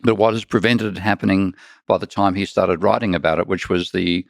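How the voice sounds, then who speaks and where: A man with an Australian accent, a guest economist chatting casually, blunt and joking, telling lively stories. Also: low-pitched, brisk, vocal fry, dry recording, clean studio sound. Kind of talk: casual conversation.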